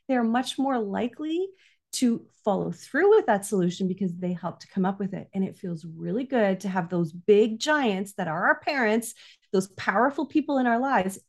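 Woman, parenting coach, earnest, explaining in a conversation, keeps asking "right?". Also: fairly high pitch. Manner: earnest, frequently adds "right?".

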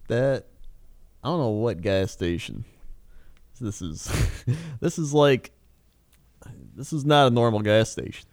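A man's voice: medium pitch, animated, slow, pauses often, darkish tone, no echo, studio quality. A man reacting in casual chat with brief, laid-back remarks.

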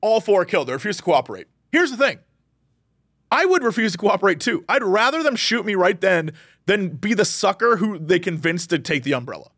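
A man co-hosting a casual podcast, ranting in an animated way and jumping into quoted voices. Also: high voice, fairly quick, breathy edge, no echo, studio quality. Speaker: podcast co-host.

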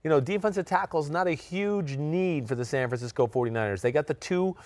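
A man's voice: a little high, a little mellow, dry recording. Man thinking aloud on a sports podcast. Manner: thinks aloud, drawn-out "ooh" sounds, many fillers. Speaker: podcast host and football analyst. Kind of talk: casual podcast sports chat.

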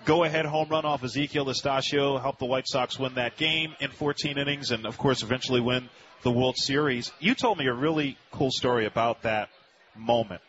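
A man's voice: mid-range voice, moderate pace, crowd noise. A man hosting a sports radio interview, leading in with long rambling questions full of fillers. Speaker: radio host. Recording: muffled radio audio with noise.

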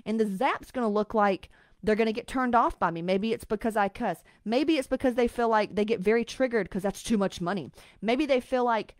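A blunt woman coach delivers a podcast monologue in a fairly high voice and swears freely. She pushes her points with sudden loud, rising bursts. The sound is dry and close, with no room echo. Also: a little fast.

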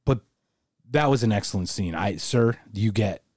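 Man, podcast co-host, jokey and animated, quick to laugh; dry, close mic. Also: lowish voice, dry recording. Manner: animated, laughs often, slips into silly voices. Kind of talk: casual chat.

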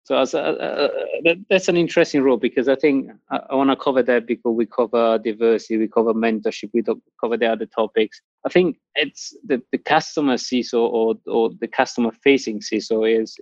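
A man's voice: mid-range voice, dry recording, highs cut off. Man host asking pointed questions. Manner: inquisitive, with frequent rhetorical questions. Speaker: podcast host. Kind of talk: casual conversation.

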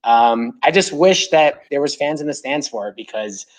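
A fan club chapter president from New York State appears as a guest on a podcast and chats casually, spinning long, rambling stories packed with "like." He speaks at normal speed in a mid-range voice with lively intonation.

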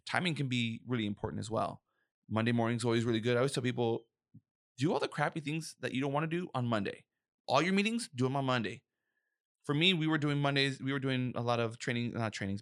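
A young man talks through workplace safety on a casual podcast, animated and emphatic, slipping into little acted-out quotes. His voice sits mid-range and is recorded close and dry with no room sound. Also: medium pitch, quick pace, no echo. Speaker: podcast co-host, safety professional.

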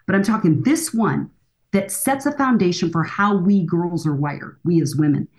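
A woman's voice: on the low side, expressive, normal speed, darkish tone. A woman in her sixties, a counselor and author, speaking earnestly and emphatically as a guest in a podcast interview. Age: 60s.

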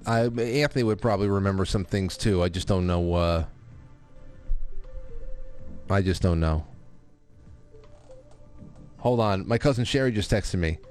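A man's voice: deep voice, unhurried, pauses often, darkish tone, soft background music. A man hosting a call-in show, rambling in casual chat with many restarts. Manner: rambling, chatty, with frequent restarts and fillers. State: grieving his stepfather.

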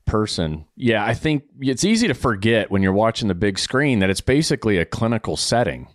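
A man hosting a casual interview, relaxed and agreeable, asking questions. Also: fairly low pitch, a little fast, no room sound, studio quality. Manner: relaxed, agreeable, short reactions. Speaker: podcast host.

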